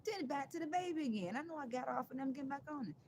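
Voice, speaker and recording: A woman's voice: high-pitched, animated, very fast, noisy background. Emphatic, sarcastic woman livestreaming. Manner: emphatic and sarcastic, swings between loud outbursts and quiet asides; rambling, repeats and restarts phrases. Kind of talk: casual live-stream monologue.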